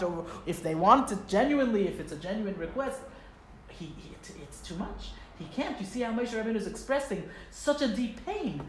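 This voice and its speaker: Expressive woman teaching, roomy sound. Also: a little high, a little fast. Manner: conversational, expressive, asks rhetorical questions. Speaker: Torah teacher. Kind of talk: casual explanatory lesson. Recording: roomy echo, faint background noise.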